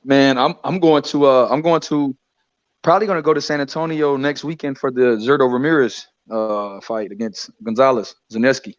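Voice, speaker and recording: A man hosting a casual boxing chat on a live stream, excitable and repetitive, often tacking "man" onto his sentences. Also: medium pitch, normal speed, no room sound. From Texas. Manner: excitable, repeats himself, says "man" a lot. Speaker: boxing show host. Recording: dry, dull lo-fi stream audio.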